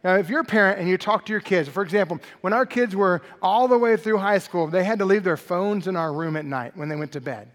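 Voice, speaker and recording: A male pastor preaching an expository sermon in a conversational, animated way, often checking in with the congregation. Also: high-pitched, a little fast, few pauses, in a large hall. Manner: conversational, animated preaching with frequent "right?" asides.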